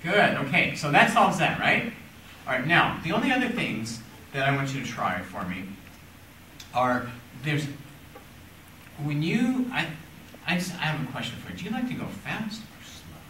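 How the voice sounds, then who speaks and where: A middle-aged man giving a child gentle, patient violin coaching and asking her questions as he goes. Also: on the high side, sing-song, moderate pace, pauses often, a little hiss or hum. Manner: encouraging, patient, asks questions. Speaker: violin teacher giving a critique. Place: conservatory room with violin playing. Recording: echoey room, voice from far off.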